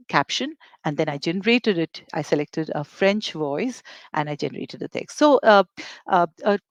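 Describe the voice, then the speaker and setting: An eLearning presenter giving a software demo webinar, talking in a hesitant way with many fillers and restarts. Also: medium pitch, no echo.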